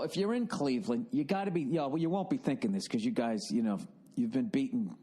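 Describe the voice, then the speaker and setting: A man in his forties with an American accent, hosting a podcast with a rambling, profane comedic monologue. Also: on the high side. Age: 40s. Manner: profane, animated storytelling with frequent restarts. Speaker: podcast host.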